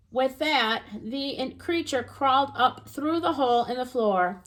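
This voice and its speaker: A woman narrating a children's storybook aloud in an expressive, gentle reading voice. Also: high voice, unhurried, few pauses.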